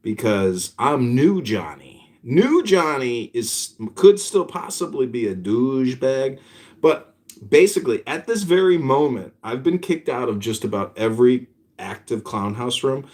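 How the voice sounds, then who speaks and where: A man chatting in an online audio room, rambling in a relaxed, self-mocking way. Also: medium pitch, a little slow. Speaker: room host.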